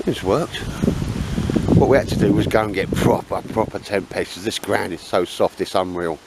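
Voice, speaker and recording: A man's voice: on the low side, moderate pace. A middle-aged man filming a camping trip, bantering in casual chat with his friends and calling them mate and sir. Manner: chatty, jokey banter, calls everyone mate and sir. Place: windy, rainy campsite outdoors. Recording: wind and rain noise outdoors. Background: wind and rain.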